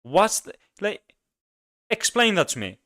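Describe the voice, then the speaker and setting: A man's voice: sits high, sing-song, unhurried, bright, forceful tone. A man hosting a casual solo podcast, speaking emphatically and ranting with frequent repeats. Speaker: podcast host.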